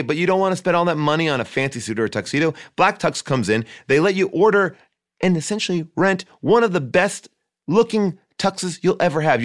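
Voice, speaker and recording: A man's voice: a little high, fairly bright tone. A man doing a joking, hard-sell ad read for a podcast. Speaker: podcast host reading an ad. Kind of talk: ad read with comic asides.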